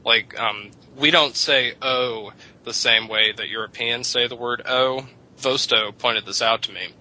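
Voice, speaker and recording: A man's voice: medium pitch, steady tone, unhurried, pushed and bright, slight background noise, low-quality recording. A man chatting on a radio show, explaining how English vowels changed, rambling and cursing casually. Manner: rambling, lecturing, swears casually. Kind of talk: casual radio chat about language history.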